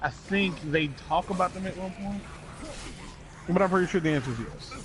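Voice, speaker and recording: A man's voice: high voice, brisk. A man co-hosting a game stream, chatting casually in a rambling, profane way full of fillers. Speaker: co-host watching a game stream. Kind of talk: casual chat.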